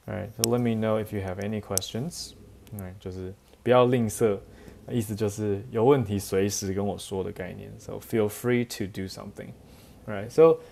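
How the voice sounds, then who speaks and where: A man's voice: lowish voice, steady tone, moderate pace, creaky, warm tone, slight background noise. Man, casual English lecture, asks "right?" a lot. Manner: chatty, says "right?" often, laughs lightly. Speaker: English teacher. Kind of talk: relaxed bilingual classroom lecture.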